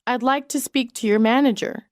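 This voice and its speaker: Woman reading English practice sentences, measured. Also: fairly high pitch, steady tone, no echo, studio quality. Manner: measured, evenly paced reading of isolated sentences. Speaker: English lesson reader.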